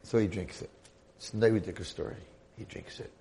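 A man giving a Torah lecture who tells a story in an animated, colloquial way. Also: on the low side, brisk.

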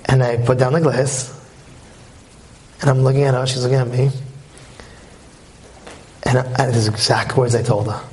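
A man giving an animated lecture on marriage as a religious teacher, telling stories and asking rhetorical questions. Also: medium pitch, normal speed, long pauses, slight background noise.

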